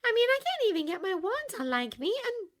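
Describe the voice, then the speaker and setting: A woman reads in a young schoolgirl witch with a very high, wavering voice that leaps all over its range. She sounds close to tears and easily shaken, stammering and earnest. It is a fan audiobook character voice. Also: big pitch swings, a little fast, a bit bright, heavily acted. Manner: high, trembling, easily upset. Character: tearful young schoolgirl witch, girl about twelve.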